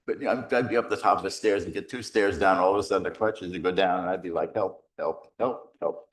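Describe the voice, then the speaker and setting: A middle-aged man, a priest, giving a rambling, animated retreat talk full of stories and self-deprecating humor. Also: sits low, quick pace. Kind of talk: conversational retreat conference, storytelling.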